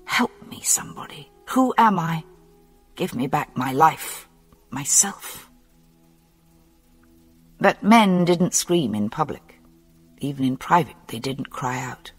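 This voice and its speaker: Slow, animated mystery audiobook narrator, husky tone, long hall reverb and soft music underneath. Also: medium pitch. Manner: slow, measured and expressive reading. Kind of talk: scripted novel narration.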